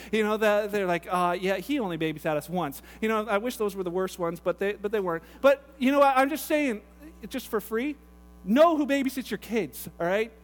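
A man preaching a sermon, pastor's chatty storytelling with asides. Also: sits high. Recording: echoey hall with long reverb.

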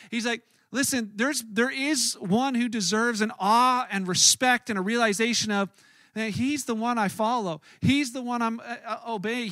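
A man's voice: very high voice, bright, forceful tone, dry recording, clean studio sound. A man preaching a sermon in an earnest, conversational way, often restarting his words. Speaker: pastor.

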